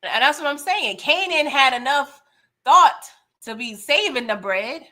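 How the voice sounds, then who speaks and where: A woman hosting a casual live-stream TV recap, animated and laughing as she talks back to the characters. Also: high voice, unhurried. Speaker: TV recap host.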